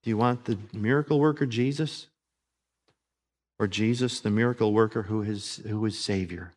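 A male pastor preaching in a church, his voice sitting a little low. He builds to emphatic, fervent peaks. Then he settles into a softer, prayerful tone. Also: moderate pace. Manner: rising to emphatic preaching, then praying softly. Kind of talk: sermon.

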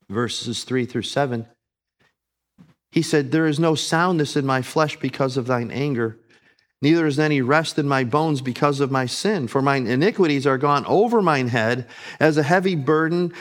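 A man preaching a sermon, earnest, rising on emphasis and dropping soft and low on solemn lines.

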